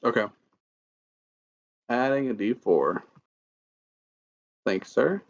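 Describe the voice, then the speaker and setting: A man's voice: medium pitch, lively intonation, takes it slowly, dry recording, highs cut off. A man player chatting casually and jokingly during a tabletop game. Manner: joking, laid-back.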